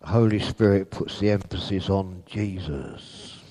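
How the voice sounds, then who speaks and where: Slow, earnest male preacher. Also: deep voice, dark tone. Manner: slow, earnest, rising to emphatic peaks on repeated phrases. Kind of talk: sermon.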